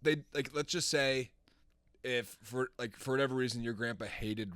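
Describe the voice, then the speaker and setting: A man's voice: medium pitch, normal speed, a bit bright, smooth, dry recording, studio quality. A man co-hosting a casual podcast, joking and bantering and laughing often. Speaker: podcast co-host.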